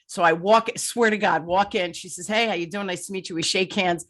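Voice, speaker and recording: A woman's voice: on the low side, brisk, a bit bright. A middle-aged woman hosting an interview podcast, telling an anecdote in a chatty, emphatic way. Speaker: podcast host. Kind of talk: conversational interview.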